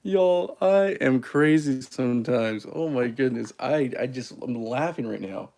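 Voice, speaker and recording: Guy rambling thru a home espresso livestream, laughs at himself a lot, middle-pitched voice. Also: animated, unhurried, darkish tone. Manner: self-deprecating, chatty, laughs at himself. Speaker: coffee channel host. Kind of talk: casual livestream chat while making espresso.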